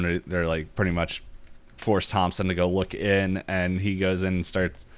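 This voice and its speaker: A man's voice: deep voice, level tone, normal speed, smooth. A young man co-hosting a podcast, recapping a cartoon episode casually and rambling with lots of "um" and "like". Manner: rambling, full of fillers like "um" and "like". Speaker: podcast co-host.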